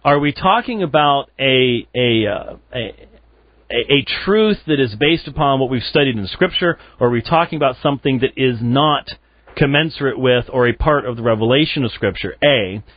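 A man's voice: mid-range voice, animated, normal speed, no echo, lo-fi sound. A man hosting a call-in radio show, pressing a caller with argumentative questions.

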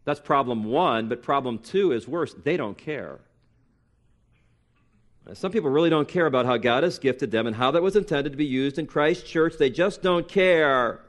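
A man in his late forties preaching a sermon as pastor, emphatic, with sarcastic mimicked excuses and rising force on key points. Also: normal speed. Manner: emphatic, rises in pitch and volume for punchy lines.

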